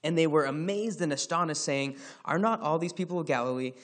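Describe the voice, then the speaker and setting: A man from Scotland teaches through a Bible passage in a relaxed, conversational way, with a voice pitched a little high. He mixes fillers and asides with passages he reads aloud. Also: a little fast.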